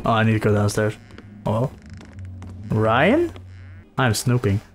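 Excitable swearing gamer man. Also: on the low side, a little slow, faint music behind. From Netherlands. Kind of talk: casual gameplay commentary.

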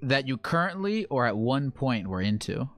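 A male host of a casual stream talks with a very lively, swooping pitch, tossing in wry asides and cutting in with questions. Faint music plays behind him. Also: normal speed. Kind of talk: casual live-stream commentary.

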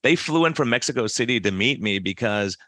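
A man's voice: medium pitch, fairly quick, dry recording, studio quality. A middle-aged man hosting a podcast, telling stories animatedly with frequent restarts. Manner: storytelling, animated, many restarts. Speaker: podcast host, doctor. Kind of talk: casual interview chat.

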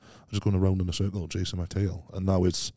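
A man talking as a podcast guest, telling rambling, animated stories and dropping "mate" into almost every sentence. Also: deep voice, fast talker, no room sound, studio quality. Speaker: podcast guest, strongman athlete. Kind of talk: casual interview chat.

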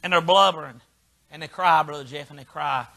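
An older man preaching a folksy Baptist sermon in short punchy lines that swing from quiet asides to shouting. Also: a little high, a little fast, vocal fry. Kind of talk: fiery sermon.

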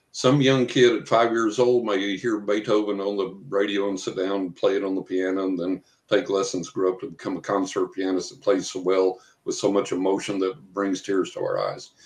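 An older man telling long anecdotes in an interview, full of fillers and acted-out quotes. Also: deep voice. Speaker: guest, psychic investigator. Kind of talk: storytelling in an interview. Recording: echoey room.

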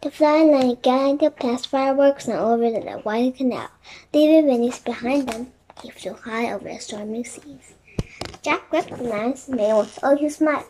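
High-voiced woman reading a chapter book. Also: a little slow, warm tone, a little hiss or hum, low-quality recording. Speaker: storybook reader.

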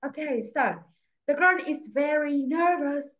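A woman English teacher with a Vietnamese accent, slowly and patiently questioning a young pupil in a speaking test. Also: a little high. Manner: slow, patient questioning, repeating prompts. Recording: echoey, dull lo-fi room sound.

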